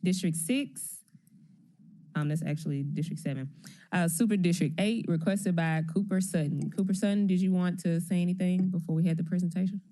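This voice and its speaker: A woman's voice: on the low side, fairly quick, mellow. A woman chairing a city council committee, talking in a casual, friendly way. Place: council chamber.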